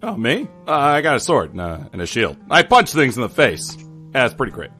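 A man's voice: medium pitch, wildly swooping pitch, fairly quick, pushed and bright, slightly rough, faint music behind, exaggerated voice. A man voicing a boisterous, dim-witted knight who rambles with many fillers, in an audio drama. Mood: brash.

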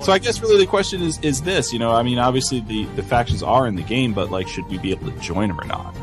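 A man's voice: mid-range voice, quick pace, music in the background. A man co-hosting a casual podcast chat, joking and laughing often. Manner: laughs often, jokey and animated. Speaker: podcast co-host.

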